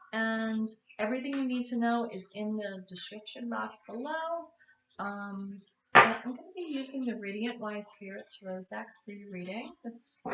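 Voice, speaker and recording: Tired woman tarot reader, fairly high voice, chatty and apologetic, roomy echo with the mic set back. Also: sharp tone, recorded from a distance, a little hiss or hum. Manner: chatty, apologetic, self-correcting. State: tired, yawning. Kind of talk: casual tarot reading.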